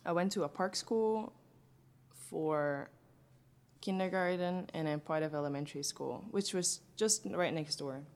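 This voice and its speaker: A woman's voice: sits low, measured pace, darkish tone. A young woman from Antwerp with a Flemish accent, chatting casually as a guest and laughing often as she explains. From Belgium (Antwerp). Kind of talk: casual chat.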